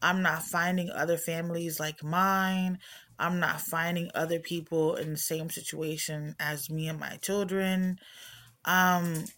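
A woman's voice: on the low side, level tone, unhurried, fairly bright tone. A middle-aged woman hosting her own podcast, talking casually and candidly in a rambling, self-reflective way from home. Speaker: podcast host. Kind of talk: casual personal talk.

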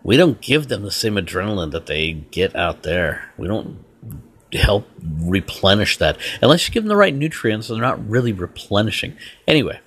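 A man's voice: fairly low pitch, very animated, normal speed, fairly bright tone, a little hiss or hum. A man hosting his own podcast, ranting bluntly and rambling in an exasperated, casual way. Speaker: podcast host. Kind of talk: solo casual rant.

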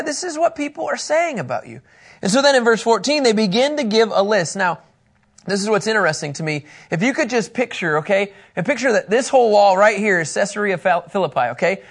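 A man teaching a Bible lesson in a room, animated and joking, acting out little scenes and talking with people in the room. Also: sits high.

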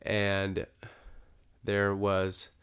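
Low-ish guy on a podcast, casual chat, tells stories and acts out all the quotes. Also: drawn-out words, clear, resonant tone. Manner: animated storyteller who acts out quoted dialogue. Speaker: guest co-host.

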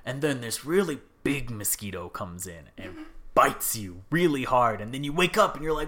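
A man's voice: mid-range voice, animated, moderate pace, a bit bright. A man talking in a casual, skeptical way, chuckling as he explains things to friends. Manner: skeptical, amused, laughs while telling stories.

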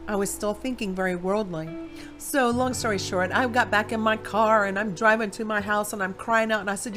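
A woman from Ohio gives a personal faith testimony, animated storytelling with voiced quotes. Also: medium pitch, a little fast, music in the background. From Ohio, USA. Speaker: Christian speaker.

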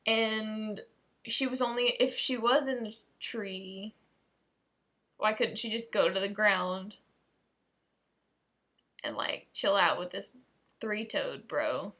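A woman's voice: a little high, bright, forceful tone, slightly rough. A woman reading tongue twisters aloud and commenting on them in a playful, exasperated way, often breaking off mid-sentence. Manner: playful, exasperated, self-interrupting asides.

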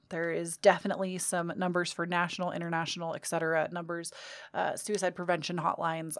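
A woman's voice: lowish voice, no echo, studio quality. Earnest, confiding young woman vlogger. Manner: earnest, confiding, casual swearing. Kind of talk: candid self-help talk to camera.

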